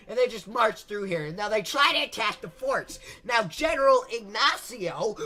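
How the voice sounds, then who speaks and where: Bright-voiced man in a crude comic rant. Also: high voice. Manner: crude, rambling, mocking. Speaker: comedy history narrator. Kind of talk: comic history explainer.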